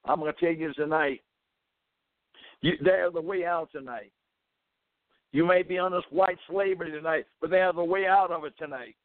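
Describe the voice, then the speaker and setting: A man's voice: fairly high pitch, steady tone, moderate pace, pauses often, no echo. A man preaching a radio sermon with fervor, sprinkling in "amen" and "praise the Lord" as he exhorts his listeners to pray. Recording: tinny phone-like radio sound.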